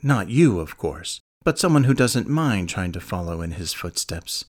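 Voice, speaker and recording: A man's voice: low voice, very animated, normal speed. A man voicing a guarded male investigator who asks blunt, probing questions. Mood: persuasive. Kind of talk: audiobook character reading.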